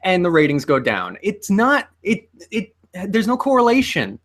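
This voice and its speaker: A man's voice: high-pitched, huge pitch swings, normal speed, a bit bright. A man co-hosting a casual chat, pushing back on points and asking pointed questions. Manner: argumentative, asks pointed questions. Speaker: podcast co-host.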